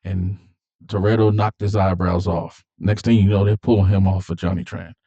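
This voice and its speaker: A man's voice: low voice, steady tone, moderate pace, mellow, muffled recording. A man casually retelling a film's plot, animatedly acting out the characters' lines in a raised voice. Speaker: movie commentator.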